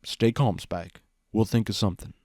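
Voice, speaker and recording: A man voicing a gentle, earnest big stallion who speaks softly and sincerely. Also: lowish voice, unhurried, dry recording, clean studio sound. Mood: reassuring. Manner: soft-spoken, sincere.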